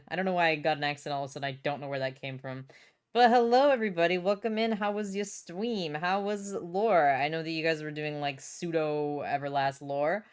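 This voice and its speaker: A young woman livestreaming from her home setup, chatting and reacting to chat while she works. She is bubbly and swears freely, and her voice is smooth and clear and sits a little low. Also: brisk. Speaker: streamer.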